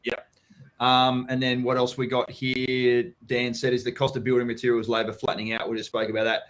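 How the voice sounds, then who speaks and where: A man's voice: mid-range voice, monotone, fairly quick, a bit bright. Blunt, sweary Australian man. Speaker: property coach hosting a live Q&A. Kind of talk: casual live-stream chat.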